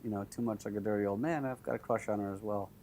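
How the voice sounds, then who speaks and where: A man in casual podcast chat, delivering his jokes in a dry, deadpan way. He talks through scenes at an easy pace. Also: lowish voice, fast talker, a little hiss or hum. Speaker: podcast co-host.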